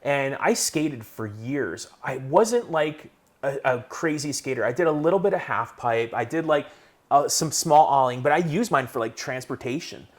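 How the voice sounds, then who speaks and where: A man in his forties telling stories in a casual interview in his garage, animated and swearing as he acts out what people said. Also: mid-range voice, normal speed. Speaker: garage collector, guest. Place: home garage, indoors.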